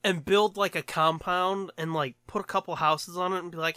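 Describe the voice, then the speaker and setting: A man's voice: a little high, steady tone, fairly quick, hardly any pauses, sharp tone, smooth, no room sound. A man co-hosting a podcast in casual chat, rambling and joking, swearing freely and laughing often. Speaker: podcast co-host.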